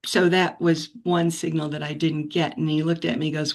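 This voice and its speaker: A woman sharing a personal story in a relaxed, reflective way, with many restarts and soft laughs, on a video call. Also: low voice, normal speed, gravelly, few pauses. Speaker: practice group member sharing a story.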